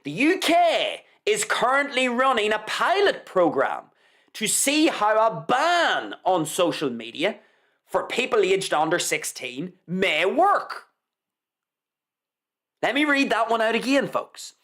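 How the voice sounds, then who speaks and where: A man's voice: high voice, wildly swooping pitch, a little slow, fairly bright tone. A man hosting a live show, reading a news article aloud with sarcastic, mock-reverent commentary and repeating lines for effect. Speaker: host.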